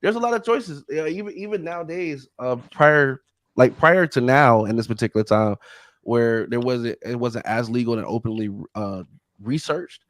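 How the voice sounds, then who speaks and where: A man's voice: mid-range voice, normal speed, dry recording. Male podcast host, loose slangy interviewer, dry close sound. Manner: laid-back slangy talk, many fillers and restarts. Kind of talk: casual interview chat.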